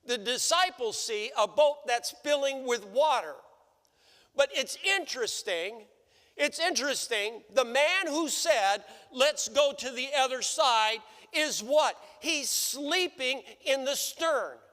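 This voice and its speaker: Male pastor, very high bright voice, unhurried sermon delivery, long church reverb. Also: lively intonation. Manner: preaching with repeated rhetorical questions. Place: church sanctuary.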